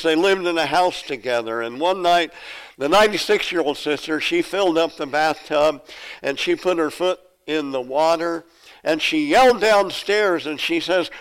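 A man's voice: mid-range voice, gravelly, smooth, poor audio. A middle-aged man preaching a sermon in a folksy way, often repeating words as he tells stories. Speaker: pastor.

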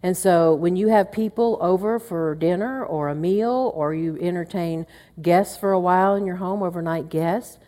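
A woman's voice: lowish voice, normal speed, mellow. Middle-aged woman, chatty Bible teaching, muttered asides, long hall reverb. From Oklahoma. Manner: earnest and chatty, acts out muttered asides under her breath. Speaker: women's Bible study teacher.

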